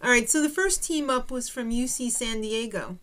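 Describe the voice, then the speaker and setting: A woman's voice: fairly high pitch, lively intonation, moderate pace, a bit bright. A young adult woman hosting a recap show in casual chat, joking and snarky, often laughing.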